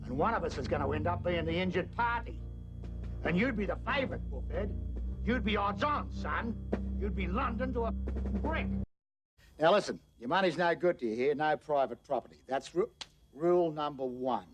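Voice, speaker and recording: Daddy-O, a blustering outback patriarch. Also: male voice, sits high, animated, moderate pace, over music, pitched above the performer's own voice. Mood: domineering. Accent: Australian. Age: older. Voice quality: menacing, blustering and gruff. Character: crude domineering older male outback town patriarch. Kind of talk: film acting.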